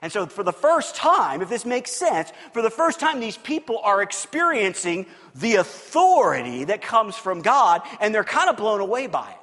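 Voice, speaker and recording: A man's voice: sits high, big pitch swings, moderate pace, hardly any pauses, fairly bright tone. A man giving conversational Bible teaching as a pastor, talking informally, restarting and repeating words and checking in with his listeners. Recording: long reverb from a large room.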